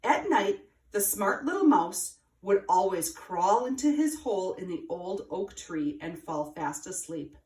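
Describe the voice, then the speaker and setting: A woman reading a children's story aloud with an expressive, sing-song delivery. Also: medium pitch, unhurried, few pauses, recorded from a distance. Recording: roomy, from afar.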